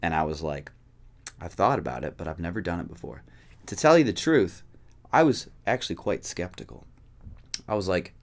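Guy with a lowish voice rambling about his guitar in a vlog, slangy and goofy, pitch all over the place. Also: expressive, moderate pace, long pauses. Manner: slangy and jokey, with big swings up and down in pitch. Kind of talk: casual vlog chat.

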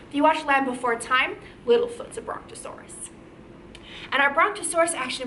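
A woman's voice: high voice, a little fast, creaky, fairly bright tone, slight background noise. A woman leading a children's music lesson, singing in a bouncy sing-song way and calling out cheerful praise and cues. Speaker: kindergarten music teacher.

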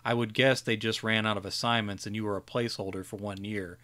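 A jaded old wizard, read by a man, grumbles through a dismissive lecture in a lowish voice. He sounds worn out and gruff, with little patience left. It is a plain storybook reading. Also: fairly even intonation, fast talker, bright, forceful tone. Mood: weary.

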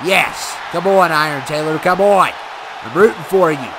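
A man commentating a wrestling video game play by play, excitable and given to shouting and cheering at the big moments. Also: on the high side, moderate pace. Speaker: gaming channel host. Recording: loud game crowd and noise behind.

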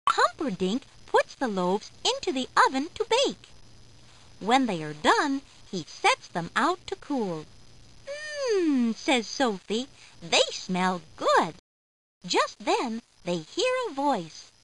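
A woman's voice: high voice, wildly swooping pitch, slow, fairly bright tone, a little hiss or hum, poor audio. A woman narrating a children's storybook, playfully acting out the characters' lines.

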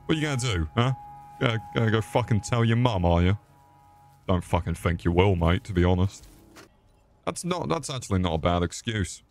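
A man's voice: fairly low pitch, animated, fairly quick, a little mellow, faint music behind. A young man swearing and mocking himself while streaming a game. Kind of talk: crude live-stream commentary.

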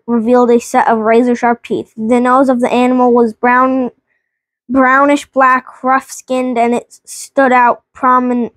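A woman's voice: fairly high pitch, fairly bright tone, no room sound. A woman hosting a family vlog, reading a children's book aloud with frequent stumbles and restarts.

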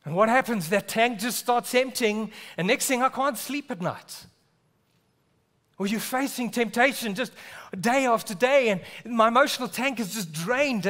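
A man from South Africa preaching a sermon in church, earnest, often dropping to a hushed, low voice on key words. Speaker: pastor.

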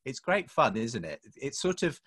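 Relaxed man chatting in church. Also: mid-range voice, moderate pace. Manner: relaxed, thinks aloud with small restarts. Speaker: church leader. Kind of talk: casual chat. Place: church service.

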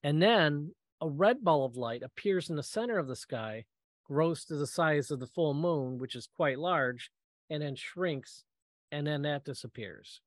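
A middle-aged man giving a storytelling talk, lively and acting out the voices he quotes, with frequent ums and uhs. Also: fairly high pitch, measured pace, no room sound. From Michigan, US. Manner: animated, acts out quoted voices, many fillers. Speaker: guest speaker.

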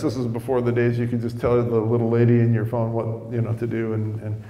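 A man's voice: medium pitch, completely flat delivery, fairly quick, hardly any pauses, mellow, in a large hall. Middle-aged man pastor telling a story. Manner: chatty, repeats words when starting lines. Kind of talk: storytelling sermon. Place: church sanctuary.

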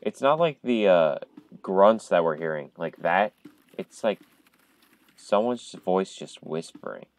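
A man's voice: sits low, lively intonation, slow pace, rough recording. Jumpy man gaming on a headset at home. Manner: jumpy, talks to viewers, loud startled outbursts. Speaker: gamer streaming a horror game. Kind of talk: casual horror game commentary.

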